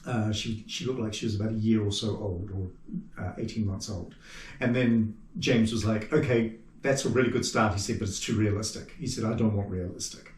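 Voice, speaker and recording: A man with a New Zealand accent, a puppet maker chatting as the guest in an interview, telling stories lively and acting out what people said. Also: on the low side, brisk, a little hiss or hum. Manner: animated storyteller who acts out quoted remarks. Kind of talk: casual interview chat. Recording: roomy sound from a distant mic.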